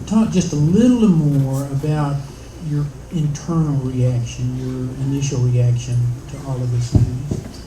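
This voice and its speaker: A man interviewing a guest, asking gentle, probing questions. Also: medium pitch, steady tone, measured pace. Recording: echoey room with clear background noise.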